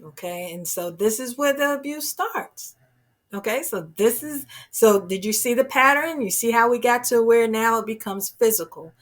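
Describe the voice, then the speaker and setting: Talking straight to her viewers about relationships, a woman speaks at a moderate pace in a slightly high voice with lively intonation. She's sincere and emphatic, often using "you know" and "oh my goodness."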